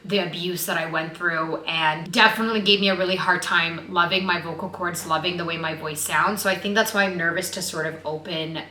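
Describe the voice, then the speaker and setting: Young woman vlogger, nervous and chatty. Bright, slightly low voice in a reverberant room. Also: fairly even intonation, brisk, few pauses, slight background noise. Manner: nervous, open, heavy use of "like". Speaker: vlogger and actress. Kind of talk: casual chat to camera. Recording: roomy echo.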